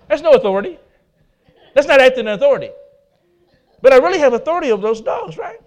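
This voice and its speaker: A man preaching a sermon, swinging between loud emphatic declarations and quiet asides to the congregation. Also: extremely high pitch, expressive, fast, pauses often. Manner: laughs at himself, talks to the congregation. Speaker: pastor.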